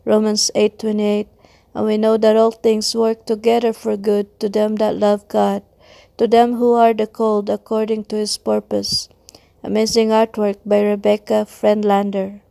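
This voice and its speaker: A woman giving a scripted devotional reading in a slow, measured recitation. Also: medium pitch, monotone, gravelly, mellow, no room sound. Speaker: devotional reader.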